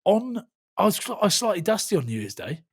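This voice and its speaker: A man's voice: sits high, very animated, a little fast, breathy edge. A man, telling a rambling story in casual podcast chat and swearing freely. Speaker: podcast host.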